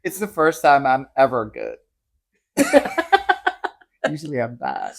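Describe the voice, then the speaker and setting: A man's voice: medium pitch, wildly swooping pitch, slow pace, vocal fry. A man who is a drag queen, a guest chatting casually on a podcast, teasing and laughing often.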